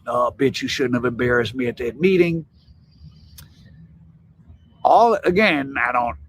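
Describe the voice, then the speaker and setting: A man's voice: on the high side, fairly bright tone, a little hiss or hum, poor audio. A man commenting casually, retelling stories with asides and hedges.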